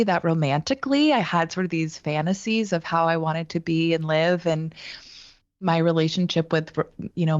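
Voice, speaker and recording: Low-voiced woman in her thirties, reflective interview guest, halting delivery. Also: no room sound, dull audio. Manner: thoughtful, halting, many restarts. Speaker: guest, actor and writer.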